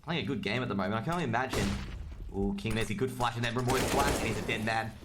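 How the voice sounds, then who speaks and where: A man's voice: lowish voice, heavy background noise. Chatty Australian man casting a game. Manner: chatty, quick, excitable on big plays, jokes with chat. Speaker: esports caster. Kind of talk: solo live game commentary, answering chat.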